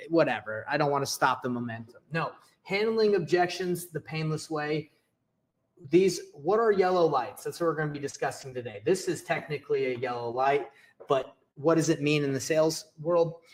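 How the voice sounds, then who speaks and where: A young man coaching viewers on real estate deals, with a fairly high voice for a man. He talks casually and energetically, keeps asking "okay?" and acts out short sample dialogues. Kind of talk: casual teaching to camera.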